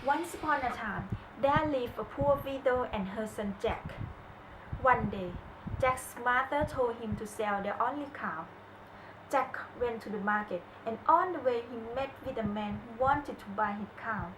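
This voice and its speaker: A woman reads a children's story aloud at a slow, careful pace, now and then restarting a word. Her voice is fairly high. The recording is echoey, with clear steady noise underneath.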